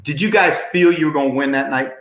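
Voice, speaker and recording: A man hosting a casual interview chat, telling stories with quick asides and lively energy. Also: fairly high pitch, roomy sound. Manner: animated storyteller, quick asides. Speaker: host.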